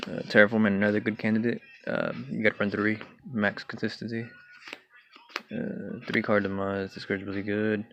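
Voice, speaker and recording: A young man casually walking through his card game deck, talking in a relaxed way with many fillers and throat clears. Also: on the low side, moderate pace, pauses often. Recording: dull lo-fi home recording with faint hiss.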